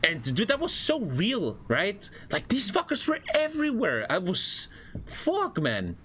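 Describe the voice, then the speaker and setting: A young German man with a German accent, chatting casually on a stream and telling animated stories with plenty of swearing. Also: sits high, measured pace, heavy background noise. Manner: animated storytelling, swears a lot, acts out voices. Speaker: streamer reacting to a video. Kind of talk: casual reaction stream chat.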